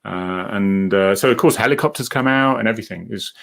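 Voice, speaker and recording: A man's voice: fairly quick, creaky, fairly bright tone. A middle-aged man, hosting a casual live chat, rambling and reading out viewer comments and acting out what people said. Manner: acts out quoted people with jumps in pitch.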